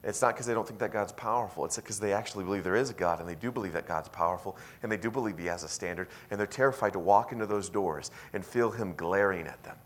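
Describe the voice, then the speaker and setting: A man pastor preaching a sermon in a church, telling a story with animated swings from hushed, intimate lines to loud, emphatic ones. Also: low voice, quick pace, hardly any pauses.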